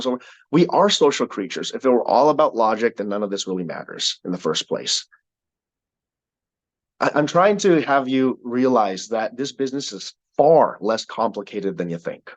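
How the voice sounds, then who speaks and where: A man leading a sales team call, giving an energetic motivational talk with a repetitive, preacher-like cadence. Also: mid-range voice, moderate pace, dry recording.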